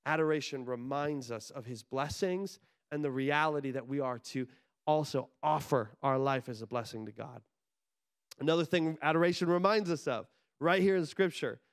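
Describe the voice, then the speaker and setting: High-voiced animated male preacher. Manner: animated storytelling, rising to excited shouts when reliving a story. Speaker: pastor. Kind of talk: sermon.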